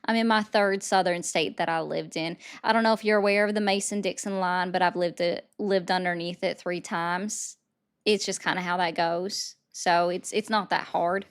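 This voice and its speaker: A woman hosting a casual live-stream chat, talking in a chatty, sarcastic way with quick asides. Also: on the low side, fairly even intonation, clear, resonant tone. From United States. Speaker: host.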